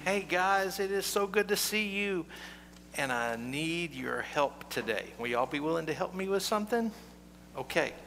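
A man's voice: fairly high pitch, expressive, moderate pace, over music. A male pastor, leading prayer and talking playfully with children in a church. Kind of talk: leading liturgy and a children's message. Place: church sanctuary. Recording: reverberant church with faint hum.

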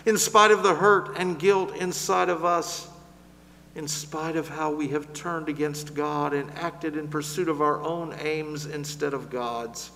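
A man preaching a sermon in a slow, measured way, building louder through lists and then dropping to a soft, gentle close. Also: fairly high pitch, fairly even intonation, long reverb tail, slight background noise.

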